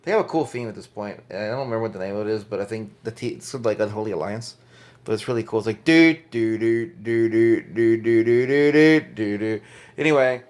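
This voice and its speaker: A man casually recapping an old wrestling show, rambling and correcting himself as he goes. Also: mid-range voice. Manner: rambling, self-correcting, chuckles often.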